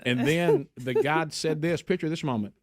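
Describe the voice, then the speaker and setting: A man co-hosting a radio show, telling stories in a casual, animated way and acting out the quoted voices. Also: fairly high pitch, normal speed, no room sound, studio quality. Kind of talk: casual talk radio storytelling. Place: radio studio. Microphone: studio microphone.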